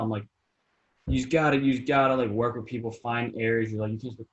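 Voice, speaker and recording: A young man with a New Jersey accent talks in a loose, rambling way, full of "like" and quick acted-out quotes. His pitch sits in the middle. The sound is slightly dull and lo-fi. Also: level tone. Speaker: realtor guest. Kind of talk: casual podcast chat.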